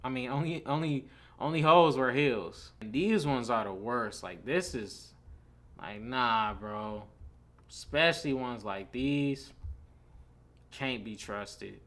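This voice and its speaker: Young guy ranking stuff on a tier list, blunt and slangy, says like and bro a lot, goes loud then mumbles. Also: medium pitch, slow pace. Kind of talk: casual opinionated commentary.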